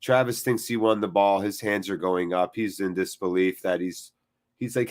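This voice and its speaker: A man hosting a live football watchalong from a cold room attached to his house, commentating with excited, jokey chatter and replying to viewers. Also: deep voice, normal speed.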